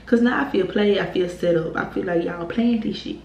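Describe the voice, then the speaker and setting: A young woman with a low-ish, gravelly voice talks fairly quickly in a casual storytime vlog on her YouTube channel. Her retelling is heated and animated, with profanity and laughs, in an echoey room with faint noise.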